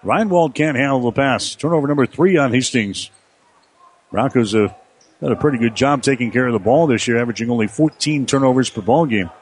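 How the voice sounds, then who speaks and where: A man calling college basketball play-by-play in a rapid running commentary that lifts on big plays. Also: mid-range voice, slight background noise. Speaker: play-by-play announcer.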